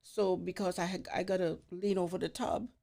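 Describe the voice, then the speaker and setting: Lady in her 60s telling stories on a podcast, lively, does the voices. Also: on the low side, moderate pace, vocal fry. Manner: animated, acts out voices in her anecdotes. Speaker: guest. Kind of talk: storytelling in conversation. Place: studio beside a barbershop.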